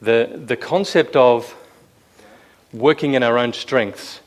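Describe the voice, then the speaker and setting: This man preaches slowly in a medium-pitched voice before a live audience in a room. The sermon feels easygoing and chatty, with frequent questions to the listeners and quoted lines acted out at a raised volume.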